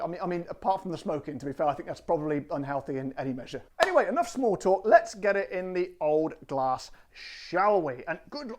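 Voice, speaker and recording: A man's voice: sits high, darkish tone. A man hosting a gin review show, talking to camera with theatrical, exuberant emphasis. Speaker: gin reviewer and channel host. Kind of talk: presenting a product review to camera.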